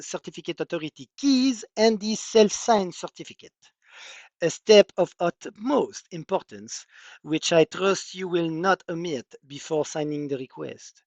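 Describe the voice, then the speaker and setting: A man's voice: high-pitched, dry recording, voice pushed up. A man voicing a pompous French bourgeois writing a flowery formal letter, with a pushed French accent and hesitant fillers.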